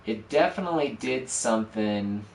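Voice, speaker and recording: Lowish and creaky, this man's voice moves at a moderate pace with lively intonation. He's streaming his game development in a relaxed way, teasing himself through every step while a dog barks nearby; the sound carries a little hiss or hum, roomy echo, and some distance from the mic.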